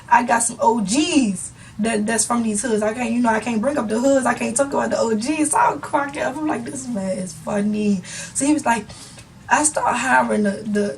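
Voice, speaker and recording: A young woman with a fairly high voice tells a storytime vlog, animated and quick to laugh as she goes. She sits a bit back from the mic, and a faint hiss runs under the recording. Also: recorded from a distance, low-quality recording. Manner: animated, breaks into laughter while telling. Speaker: YouTuber. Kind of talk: storytime vlog, retelling a conversation.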